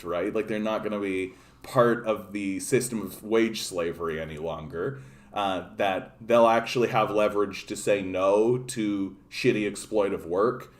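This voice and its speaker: A man's voice: fairly low pitch, moderate pace. A man from Canada hosting a political livestream, ranting profanely in casual commentary and greeting chat viewers.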